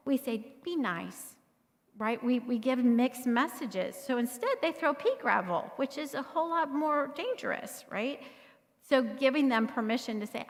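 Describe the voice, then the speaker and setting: A woman's voice: fairly high pitch, lively intonation, normal speed. Woman teaching a workshop in an echoing hall. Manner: conversational, asks the room "right?" often. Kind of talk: live workshop talk to an audience. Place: church meeting room. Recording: long hall reverb.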